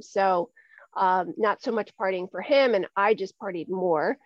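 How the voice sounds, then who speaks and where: Here a woman in her forties, mid-range in pitch, talks earnestly as a guest in a conversational interview, often repeating words as she gathers her thoughts. There's no echo, and the recording is dull and lo-fi.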